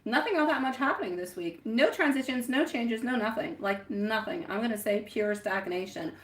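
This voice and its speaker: A woman's voice: fairly high pitch, expressive, normal speed, poor audio. A French woman hosting a live tarot reading, addressing viewers affectionately with pet names. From France. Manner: affectionate, calls viewers sweetie pie. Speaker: tarot reader.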